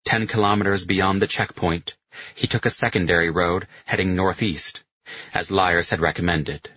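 A man narrates a novel in a steady, measured way. His voice is very deep and husky, with a forceful edge. The recording is dry and slightly muffled. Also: no echo. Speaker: audiobook narrator. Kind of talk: scripted narration of a war novel.

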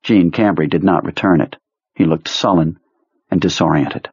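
A man reading a novel aloud in steady, measured audiobook narration. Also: low voice, slightly rough, no room sound. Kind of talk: scripted narration. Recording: dull lo-fi dry sound.

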